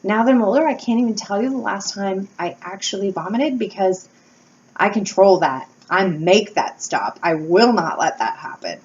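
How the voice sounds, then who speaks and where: A woman, chatting candidly to camera from home as a YouTuber, telling stories with lively energy and casual swearing. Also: mid-range voice, moderate pace. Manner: candid, animated storytelling with swearing and laughs. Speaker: wax-melt YouTuber and blogger. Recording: slightly dull home recording with faint background noise.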